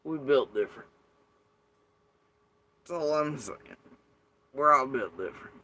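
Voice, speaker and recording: A man's voice: mid-range voice, lively intonation, a little slow, pushed and bright. A man in a casual, unscripted rant, heated and profane, rambling from one thought to the next. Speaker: vlogger.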